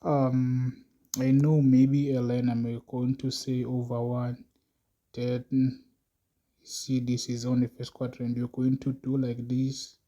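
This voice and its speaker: Male math teacher, very dark mellow tone, flat delivery, unhurried. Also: medium pitch, highs cut off. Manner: slow, musing, talks to students as he works. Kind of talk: recorded math lesson.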